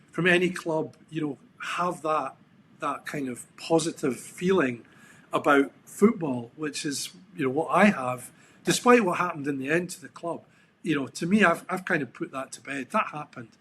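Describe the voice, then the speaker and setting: A middle-aged man with a Scottish accent, chatting as a guest on a podcast. His voice sits a little higher than most men's, and he wanders through his stories with plenty of ums and restarts. The mood throughout is relaxed and reflective. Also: a little hiss or hum. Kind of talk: casual interview chat.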